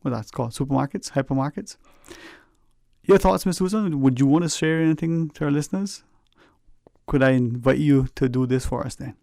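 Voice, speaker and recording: This man hosts a radio talk show from a studio microphone, his medium-pitched voice fairly quick, creaky, and dark, with no echo. He rambles in a folksy way, saying "you know" a lot as he earnestly advises listeners.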